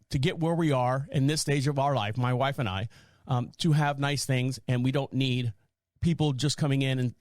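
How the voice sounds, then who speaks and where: A man's voice: mid-range voice, darkish tone, no room sound, clean studio sound. A man hosting a podcast, telling a long rambling story with an exasperated edge and frequent restarts. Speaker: podcast host. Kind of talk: rambling anecdotal podcast monologue.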